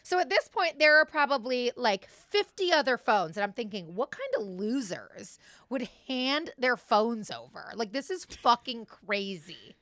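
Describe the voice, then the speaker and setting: A woman co-hosting a podcast, telling stories in casual chat with a blunt, profane, animated manner. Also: on the high side, measured pace, no room sound, clean studio sound. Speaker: podcast co-host.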